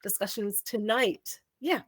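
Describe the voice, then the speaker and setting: A woman's voice: mid-range voice, measured pace, fairly bright tone, slightly rough, dry recording, clean studio sound. A middle-aged woman with a Scottish accent, a homeschooling mother talking casually on a panel, chatty and prone to restarting sentences. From Scotland. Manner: chatty, rambling, self-correcting.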